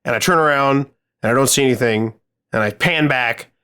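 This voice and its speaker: In a casual podcast chat, a male co-host rambles through a gaming story with lots of fillers and free swearing. His mid-range voice is smooth, pushed and bright, and he speaks a little fast.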